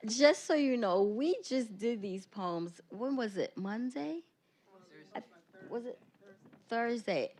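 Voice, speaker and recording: A woman's voice: on the high side, lively intonation, slow pace, a little mellow. A woman, a teacher, reads her own poem with rhythmic emphasis at a school board meeting, then introduces student poets. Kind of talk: poetry reading and meeting remarks.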